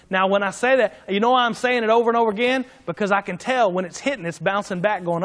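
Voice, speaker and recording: A preacher whose voice sits unusually high for a man. He preaches in a folksy, emphatic way and returns to the same point again and again. A long reverb from the church hall trails after his words. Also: quick pace, a bit bright. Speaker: pastor. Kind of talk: sermon.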